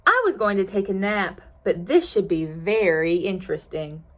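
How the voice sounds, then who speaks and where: Woman as a calm, curious female cat for a picture-book read-aloud, lightly drawling, with a lively lilt. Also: mid-range voice, moderate pace, close to an everyday voice. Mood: amused. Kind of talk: children's storybook reading.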